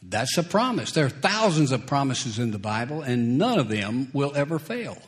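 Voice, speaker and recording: His mid-range voice has a sing-song quality as he delivers a slow, deliberate sermon. Between points he chuckles, and he acts out the scripture he quotes.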